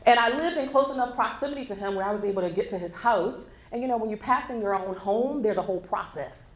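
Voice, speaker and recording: A woman's voice: mid-range voice, quick pace. A woman in her forties giving a motivational keynote speech, telling a personal story and speaking straight to the audience. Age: 40s. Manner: animated storytelling, addresses the audience directly. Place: conference hall before a live audience. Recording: echoey hall with faint background noise.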